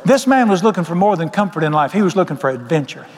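A man's voice: fairly high pitch, sing-song, fast. A man preaching a fiery sermon in a folksy, joking manner, often hollering. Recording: long hall reverb.

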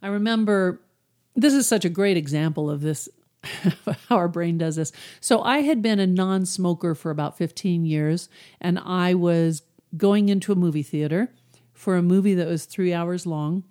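Mellow-voiced woman explaining calmly. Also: on the low side, moderate pace. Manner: relaxed and conversational, acts out inner voices. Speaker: podcast host, hypnosis coach. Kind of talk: casual teaching monologue.

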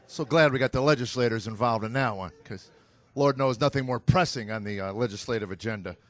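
A middle-aged American man doing stand-up, telling stories about his sons with a deadpan, exasperated delivery to a live audience. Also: medium pitch, a little fast. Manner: deadpan storytelling with exasperated asides. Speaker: stand-up comedian. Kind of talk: stand-up comedy routine. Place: stage before a live audience.

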